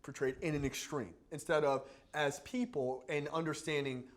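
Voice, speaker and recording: A man co-hosting a film review podcast in casual chat, animated, swearing and laughing often. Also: a little high, moderate pace. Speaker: podcast co-host reviewing films.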